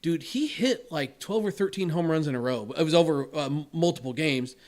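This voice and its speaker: A man's voice: a little high, animated, a little fast, a little mellow. A man with a somewhat raised voice chats as a podcast guest. He talks eagerly, piling up fillers and restarting his sentences as he goes. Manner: enthusiastic, rambling with fillers and restarts. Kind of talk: casual podcast chat.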